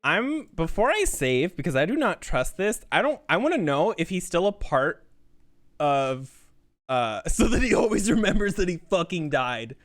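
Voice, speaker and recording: A man streaming a video game, swearing, yelling at the game and laughing in bursts of frantic protest. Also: sits high, big pitch swings, moderate pace. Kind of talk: live-streamed gameplay commentary.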